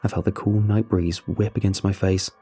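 Somber young man telling a dark horror tale. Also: sits low, level tone, husky. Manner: somber, measured, confessional. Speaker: narrator. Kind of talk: first-person horror story narration. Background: faint music.

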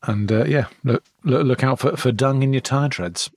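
Male co-host, mid pitch, quick dry interjections, dead studio sound. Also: no echo. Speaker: podcast co-host. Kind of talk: comedic banter.

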